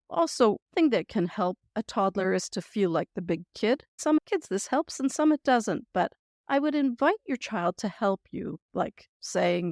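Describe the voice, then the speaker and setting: A woman hosting a parenting podcast, giving gentle, reassuring advice and sample phrasings in a scripted talk. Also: mid-range voice, sing-song, normal speed, dry recording, studio quality.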